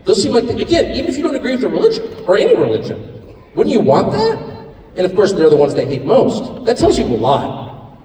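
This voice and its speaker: A middle-aged American man giving a live speech at an event, speaking in a sarcastic, mocking, animated way. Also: sits high, fairly quick, slight background noise. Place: large hall with live audience. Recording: echoey hall recorded from far off in audience.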